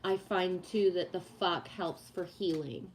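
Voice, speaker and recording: A woman's voice: lowish voice, a little slow, a little hiss or hum. A woman livestreaming casually to viewers, ranting bluntly and swearing freely, then reading oracle cards. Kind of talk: casual live chat with viewers.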